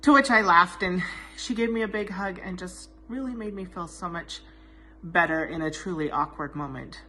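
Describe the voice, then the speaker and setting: A dog groomer telling a heartfelt, self-deprecating anecdote in a personal tribute message. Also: female voice, on the low side, normal speed, sharp tone, faint music behind.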